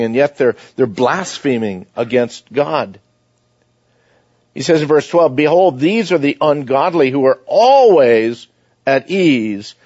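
A man's voice: mid-range voice, a little mellow, no room sound. A man preaching a sermon, reading scripture aloud and then explaining it in plain conversational words. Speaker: pastor. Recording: dull, dry lo-fi sound.

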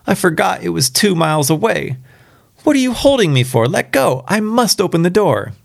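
A man voicing a frantic elderly woman desperate for her son, in a shrill falsetto while reading a spooky story aloud. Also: sing-song, takes it slowly, vocal fry, fairly bright tone, exaggerated voice.

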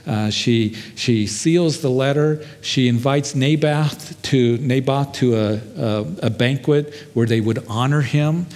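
Brief: male pastor, earnest sermon storytelling, mid-pitched voice, long hall reverb. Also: slow, hardly any pauses, a little mellow. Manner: earnest storytelling, shifting pace, frequent fillers.

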